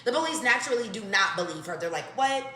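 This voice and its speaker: A woman telling a funny story to her viewers in a casual, animated way. She swears freely and talks straight to the audience. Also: mid-range voice, fast. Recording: echoey room.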